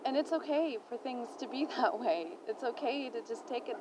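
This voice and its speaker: Higher-voiced young woman vlogging at home. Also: expressive, moderate pace, noisy background. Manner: encouraging, thinking aloud. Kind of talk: reflective personal vlog. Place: home indoors.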